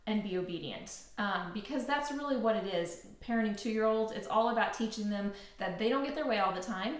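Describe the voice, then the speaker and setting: A middle-aged woman hosting a parenting blog, giving calm, earnest advice in a casual talk. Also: mid-range voice, fairly quick. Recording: echoey room.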